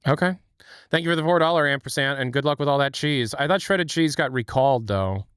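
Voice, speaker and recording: A man's voice: a little high, fairly quick, fairly bright tone, smooth, no room sound, clean studio sound. A man hosting a casual live stream, rambling and chatting with lots of fillers. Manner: rambling, laughing, filler-heavy. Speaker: streamer host.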